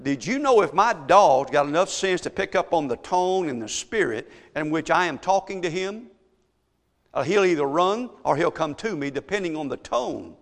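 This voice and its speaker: A man's voice: on the high side, animated, moderate pace, long reverb tail. A man preaching a sermon as pastor, driving his points home with rhetorical questions.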